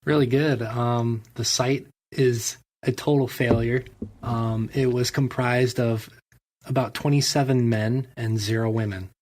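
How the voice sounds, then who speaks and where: Man, podcast guest, deadpan, self-mocking, mid-pitched, casual talk. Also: unhurried.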